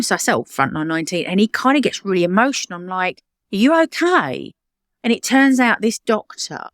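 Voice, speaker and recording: A middle-aged British woman tells stories in an interview, animated and laughing, putting on the voices of people she quotes. Her voice sits a bit low for a woman. The sound is close and dry, with no room behind it. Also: no room sound. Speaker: charity founder, guest. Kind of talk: conversational interview storytelling.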